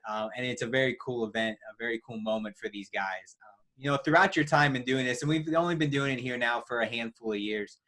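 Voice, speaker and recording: A man interviewing a guest, friendly and relaxed, with frequent fillers. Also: medium pitch. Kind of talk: conversational interview questions.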